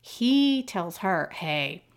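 A woman's voice: lowish voice, big pitch swings, drawn-out words. Woman, podcast co-host, casual recap, plain conversational tone. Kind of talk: casual chat recapping a TV show.

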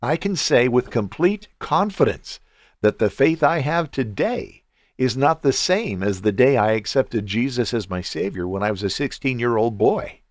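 A male podcast host giving devotional talk, earnest and encouraging, in the manner of a pastor. His pitch moves in lively rises and falls, and the recording is dry and close, with no trace of room sound. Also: moderate pace, no room sound.

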